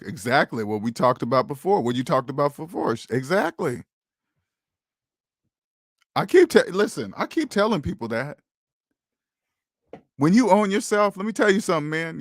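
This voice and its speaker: Preachy man, fairly high voice. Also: no echo, studio quality. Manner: emphatic and preachy, repeats phrases, addresses viewers directly. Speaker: host of a personal finance livestream. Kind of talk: casual livestream talk.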